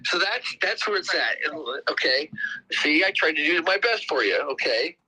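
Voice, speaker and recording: A man with a very bright, forceful voice hosts a casual crypto chat. He rambles and restarts his sentences, repeating words as he goes. His pitch sits a little high for a man. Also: big pitch swings, normal speed, low-quality recording. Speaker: crypto community host.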